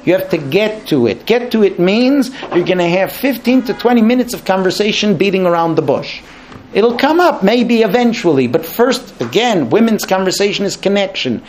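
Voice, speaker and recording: A man's voice: high voice, normal speed, slight background noise. A man teaching a class about marriage and conversation, acting out both sides of husband-and-wife exchanges. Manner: animated, acts out both sides of dialogues. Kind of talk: lecture to a class.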